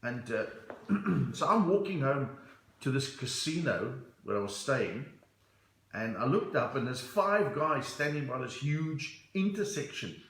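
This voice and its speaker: A middle-aged South African comedian with a South African accent chats on a live stream, reading viewer comments and telling stories. His medium-pitched voice is sing-song, unhurried and fairly bright. The audio is poor and reverberant.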